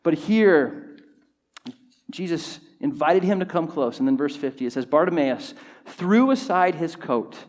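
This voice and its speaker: A man's voice: on the high side, lively intonation, a little slow, darkish tone. A male pastor preaching a sermon to a congregation, building intensity with repeated phrases. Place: church hall with congregation.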